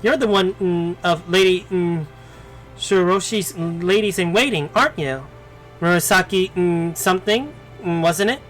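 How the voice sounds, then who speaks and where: A man's voice: high-pitched, a little slow, a bit bright, faint music behind. A man reading as a brash young warrior. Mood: casual. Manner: casual, slangy reading.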